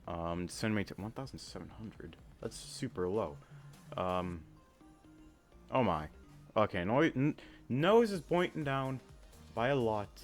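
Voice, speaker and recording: A man casually talking through a flight simulator game, thinking aloud with many pauses and filler words, and breaking into sudden excited outbursts. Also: on the low side, soft background music. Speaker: flight sim gamer. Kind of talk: casual gameplay commentary.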